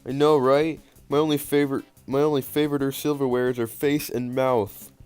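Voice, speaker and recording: A man voicing a dim, excitable young male werewolf jock in a video game, talking in a goofy, eager, bro-ish way. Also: mid-range voice, moderate pace, clear, resonant tone, soft background music, lightly acted.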